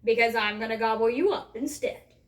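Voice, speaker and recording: A woman's voice: sits high, very animated, unhurried, distant mic. A woman voicing a fierce, hungry male troll giant who roars his lines, in an echoey room away from the mic. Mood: roaring. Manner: roaring, gruff.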